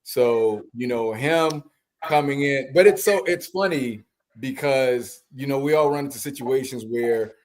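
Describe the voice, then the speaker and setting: A man's voice: medium pitch, unhurried, poor audio. A man co-hosting a movie podcast, talking casually in rambling, filler-heavy sentences. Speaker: podcast co-host. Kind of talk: casual movie review chat.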